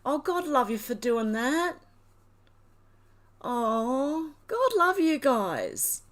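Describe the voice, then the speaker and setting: A woman's voice: high voice, big pitch swings, very slow. A woman hosting a livestream, reading out chat messages and getting teary as she thanks her viewers. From Australia. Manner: emotional, gushing, tearful thanks. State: teary, crying.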